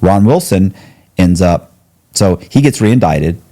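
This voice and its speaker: A man's voice: low voice, expressive, slow, mellow. A middle-aged man telling a long story as an interview guest, rambling and slangy, with frequent restarts and swearing.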